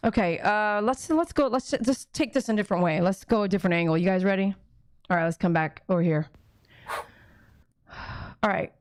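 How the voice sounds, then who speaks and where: A woman who runs a grooming salon talks casually to her viewers, chatty and easily moved. Her voice sits at a middle pitch for a woman. The sound is dry and close, with no room echo. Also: moderate pace, long pauses. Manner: chatty, emotional, addresses viewers directly. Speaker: dog groomer and channel host. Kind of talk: casual talk to camera.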